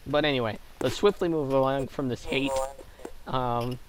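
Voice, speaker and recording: A man with a mid-pitched voice teases his friends bluntly and crudely in casual podcast banter. Clear background hiss sits under everything he says. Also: fairly even intonation, moderate pace.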